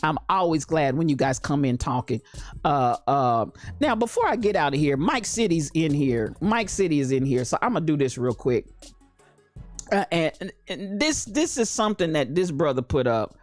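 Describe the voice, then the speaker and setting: Lively woman host, laughing and talking back to her listeners, voice all over the place. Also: low-pitched, normal speed, faint music behind. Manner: animated, laughing, chatty with listeners by name. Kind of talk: lively live-stream chat.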